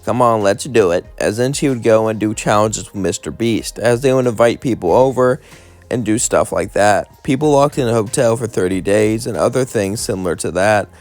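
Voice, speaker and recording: A man's voice: lowish voice, darkish tone. A man casually narrating a cartoon fan story in rambling, run-on sentences.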